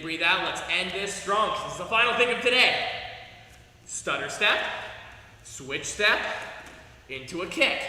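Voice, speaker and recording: A man's voice: a little high, pushed and bright. A young man leading an online martial arts class over a video call, coaching upbeat and giving commands. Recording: echoey hall sound from off-mic.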